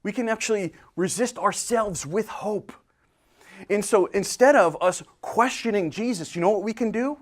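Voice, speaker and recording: A man preaching a sermon as pastor, swinging from loud bursts to hushed whispers. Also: sits high, moderate pace. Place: church sanctuary.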